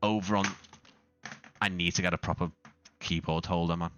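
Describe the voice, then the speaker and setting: Deep, bright-toned man streaming a flight sim. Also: steady tone, normal speed, clear, resonant tone, faint music behind. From not Australian. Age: adult father. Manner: rambling, self-correcting, with frequent restarts and fillers. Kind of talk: casual live-stream commentary.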